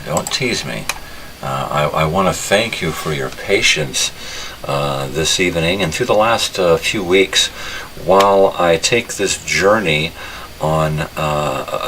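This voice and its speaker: An older man with an extremely deep, low voice hosts a casual live nostalgia stream from his home studio. He speaks slowly and haltingly, pausing on uh's and restarting his sentences. A faint hiss of noise sits under the recording. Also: fairly bright tone. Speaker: host of a nostalgia show.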